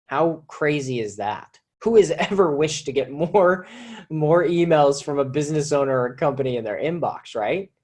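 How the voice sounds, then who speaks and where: A man teaching a live online copywriting lesson, talking in a conversational, energetic way, restarting phrases and repeating himself as he explains. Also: on the high side, moderate pace. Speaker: marketing teacher.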